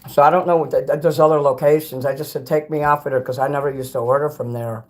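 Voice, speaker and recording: Speaking quickly with a higher-pitched voice and fairly level intonation, this Chicago man hosts a livestream. Snacking as he talks, he goes through chat messages and rambles bluntly, with plenty of casual swearing.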